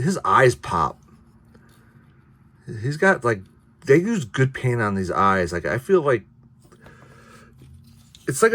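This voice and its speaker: A man casually reviewing action figures, rambling with many restarts and the odd curse. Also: medium pitch. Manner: offhand, mildly profane. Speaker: toy reviewer.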